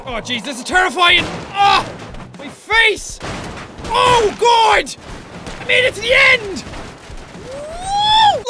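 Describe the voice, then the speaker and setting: Manic shouting gamer. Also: male voice, very high-pitched. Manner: loud, manic, shouting and yelping. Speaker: gaming YouTuber. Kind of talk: let's play commentary.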